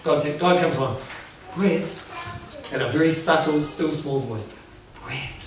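A high-voiced man preaches in a lively, playful way, laughing at his own jokes and pressing his listeners for amens. His voice comes from some way off the mic in a very echoey church hall. The congregation answers him now and then. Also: fairly quick, distant mic. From New Zealand. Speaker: pastor. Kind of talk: sermon.

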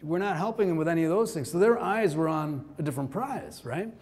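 A man in his forties from Kerala, India, giving a keynote speech to a conference audience, telling personal stories in a relaxed, conversational way with lots of asides. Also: fairly high pitch, a little fast. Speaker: keynote speaker. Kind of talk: storytelling speech. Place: conference hall before an audience.

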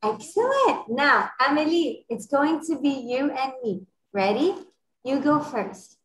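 A woman teaching an online French class to children, encouraging them and modeling phrases slowly and clearly over a video call. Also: sits high, roomy sound, low-quality recording.

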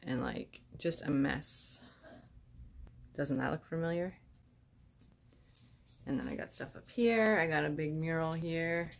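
Lady with a pretty low voice rambling on a phone livestream from home, chatting to viewers and her cats. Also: a little slow, vocal fry, pauses often. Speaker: live streamer. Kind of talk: casual live-stream chat with viewers.

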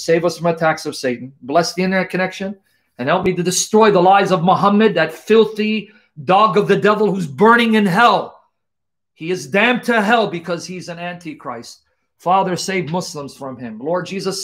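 Male host, higher register, fervent repetitive spoken prayer, computer mic. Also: a bit bright. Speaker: Christian apologist host.

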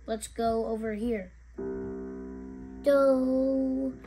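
A young woman giving a home video music lesson, explaining note names slowly with halting pauses and singing them. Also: on the high side, steady tone. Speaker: music teacher.

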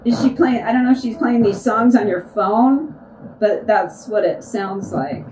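A woman's voice: a little high, a little slow. A woman working as a paranormal investigator, earnestly asking questions aloud and repeating the phrases she hears during a spirit box session. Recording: echoey, distant, noisy room.

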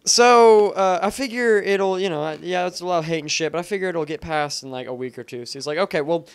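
A man's voice: high voice, fairly quick, smooth. A man in his twenties on a podcast, telling a long story in casual chat and swearing freely. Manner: profane, rambling storyteller. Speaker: podcast co-host.

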